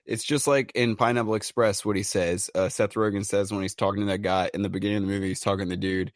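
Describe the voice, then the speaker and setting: A man's voice: fairly low pitch, fast talker, no room sound, clean studio sound. A young man co-hosting a podcast in casual chat, joking and slangy, telling stories with energy. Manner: joking, slangy, animated storyteller. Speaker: podcast co-host.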